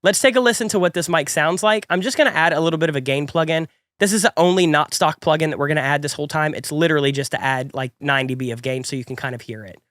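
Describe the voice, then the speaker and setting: A young man hosting a music production tutorial, his voice a little stuffy from a cold. He talks quickly in a slightly high register, upbeat and chatty, rambling a bit. The sound is dry and close, with no room echo. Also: a bit bright. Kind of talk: casual tutorial talk.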